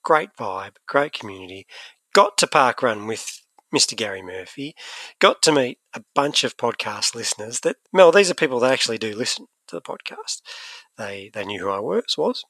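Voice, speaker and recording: A podcast co-host chats casually and with great animation, frequently restarting his sentences. His mid-range voice is fairly bright, at normal speed, with no echo.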